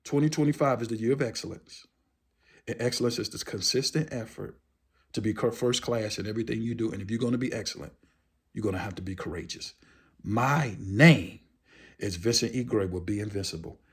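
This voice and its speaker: A man's voice: fairly low pitch, fast, husky. A man giving a motivational speech as host, talking emphatically and repeating his key phrases for effect. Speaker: motivational speaker.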